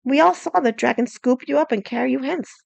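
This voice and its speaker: A woman voicing a composed male knight in an audiobook, who speaks in a formal, measured way. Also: high-pitched, gravelly, a little mellow, dry recording, pitched above the performer's own voice, heavily acted.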